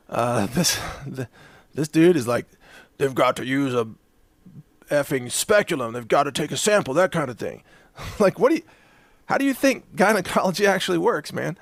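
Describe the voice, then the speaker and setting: A man delivers a sarcastic opinion monologue as the host of his own show. His voice sits fairly high and swings widely in pitch as he mocks his subject. The sound is dry and close, with no room echo. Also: vocal fry. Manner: sarcastic, mocking, acts out quoted voices.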